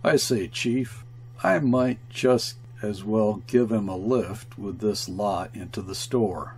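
A man voicing Carlier, a blunt, cynical male colonial trader who speaks gruffly and forcefully. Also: fairly low pitch, steady tone, slow pace.

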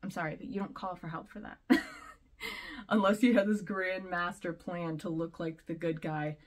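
A woman vlogger giving casual commentary, rambling and chatty, often laughing between points. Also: lowish voice.

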